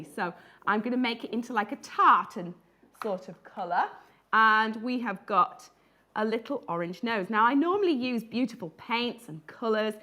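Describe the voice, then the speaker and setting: A woman's voice: on the high side, fairly bright tone. A woman who illustrates children's books, giving a live drawing tutorial for children and gasping and exclaiming over her sketches.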